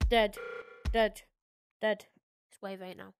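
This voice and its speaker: A woman playing a shooting game and commenting, excitable, joking at herself and often shouting. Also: medium pitch, unhurried. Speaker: gameplay video host. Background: loud game music.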